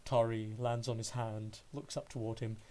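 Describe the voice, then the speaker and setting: A man narrating a tabletop role-playing game as game master, descriptive and unhurried. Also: medium pitch, flat delivery, a little mellow.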